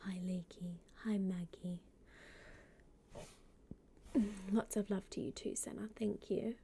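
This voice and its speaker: A woman streamer chatting casually with her viewers, greeting them by name and often dropping into a soft half-whisper. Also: mid-range voice, steady tone, slow pace, gravelly, slight background noise. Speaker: live streamer. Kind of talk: casual live-stream chat.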